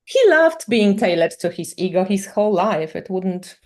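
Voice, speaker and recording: A woman guest in a casual chat, chiming in with quick, teasing remarks. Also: medium pitch, very animated, a little mellow.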